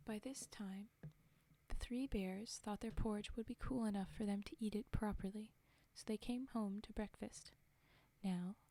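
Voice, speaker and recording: A woman whispering a fairy tale slowly and softly as a storyteller, in a whispered role-play reading. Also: mid-range voice, dry recording. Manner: soft, slow, whispered reading. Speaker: storyteller and streamer.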